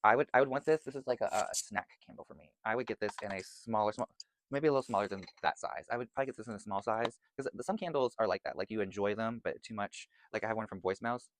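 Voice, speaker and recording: A chatty man talks quickly through his candle haul, rambling from one thought to the next and gushing over every scent. His voice sits a little low and never slows down for long. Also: a little hiss or hum. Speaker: vlogger reviewing candles. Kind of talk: casual product chat.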